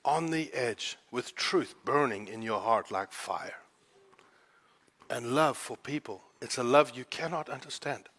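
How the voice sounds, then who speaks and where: A man's voice: medium pitch, lively intonation, a little slow, fairly bright tone. A man from Africa, preaching a sermon in a fervent, conversational storytelling way. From South Africa. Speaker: pastor.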